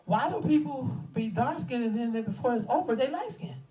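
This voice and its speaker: Woman, 50s, co-host. Blunt, animated, laughs often, a bit off-mic. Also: on the high side, a little fast, far from the mic. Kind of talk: casual chat.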